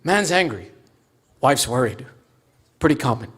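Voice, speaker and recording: A man telling a moral story at a mosque fundraiser in an animated, storytelling way. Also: mid-range voice, a little slow, husky. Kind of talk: storytelling sermon.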